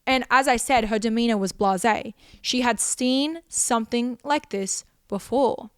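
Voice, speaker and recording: A young woman telling a painful personal story on her podcast, circling back over her words in an emotional, rambling way. Her voice sits a little high and comes across smooth and clear, recorded close and dry with no room sound. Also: unhurried, no echo. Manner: emotional, rambling with repeated phrases. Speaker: podcast host.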